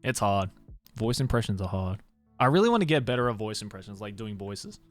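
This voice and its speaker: A man's voice: on the low side, lively intonation, brisk, faint music behind. A male streamer chatting casually with his live audience, laughing often, swearing freely, and leaning hard on filler words. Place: home streaming room, Tokyo.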